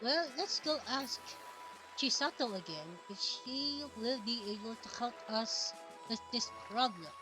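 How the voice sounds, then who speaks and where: A woman's voice: on the high side, lively intonation, unhurried, rough recording. A woman hosting a let's play, giving playful, amused commentary between game scenes. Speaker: gaming channel host. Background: faint game music.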